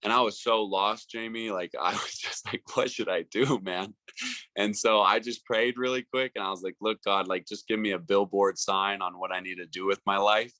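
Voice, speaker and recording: A young man in his twenties with a very deep but bright, forceful voice. He tells his story casually, full of "like" and acted-out dialogue. The recording is dry. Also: level tone, normal speed, few pauses, dry recording. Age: 20s. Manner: chatty, says "like" a lot, acts out past dialogue. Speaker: guest.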